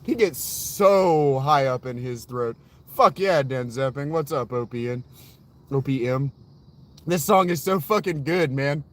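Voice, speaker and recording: A man's voice: mid-range voice, measured pace, a little hiss or hum. A man chatting casually and swearing a lot as he reacts to music, often breaking into laughter. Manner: profane, laughing, animated.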